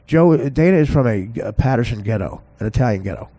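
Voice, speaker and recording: A man's voice: mid-range voice, expressive, fast talker, mellow. A podcast host telling a comic story in a rambling way, often laughing at his own tale.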